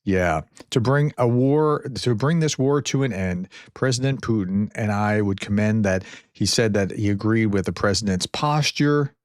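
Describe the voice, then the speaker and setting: A man's voice: lowish voice, moderate pace, few pauses, darkish tone, dry recording, studio quality. A man giving earnest, casual commentary on translated clips, paraphrasing quotes in a plain reading voice.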